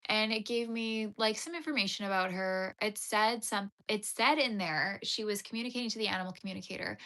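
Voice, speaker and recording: A woman's voice: mid-range voice, fairly quick, hardly any pauses. A young Canadian woman hosting a crochet livestream, chatting casually as she tells a long rambling story and acts out the people in it. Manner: rambling, animated retelling with quoted voices.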